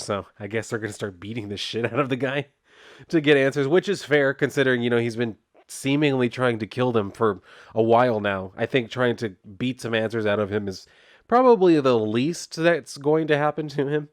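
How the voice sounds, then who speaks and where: A man's voice: medium pitch, a little fast, no echo, clean studio sound. A man casually reviewing a comic book, retelling it in a loose, chatty way with lots of "like". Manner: chatty, laid-back, heavy use of "like", loose retelling.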